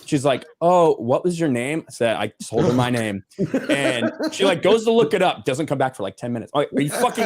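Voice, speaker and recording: Loud swearing American man ranting. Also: a little high. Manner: loud, swearing, indignant storytelling. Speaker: co-host telling a story. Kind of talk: profane ranting anecdote.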